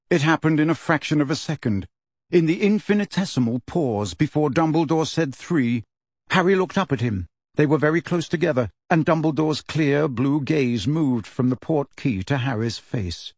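A male audiobook narrator telling the story with expressive, animated delivery. His voice sits a touch high and swings widely in pitch. The recording is dry and close, with no room sound. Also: normal speed, no echo. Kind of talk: scripted narration.

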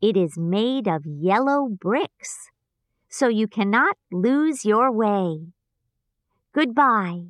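Gentle little old good witch read by a woman, super slow and soothing, dry close sound. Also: medium pitch, expressive, no room sound. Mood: kindly. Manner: gentle and reassuring.

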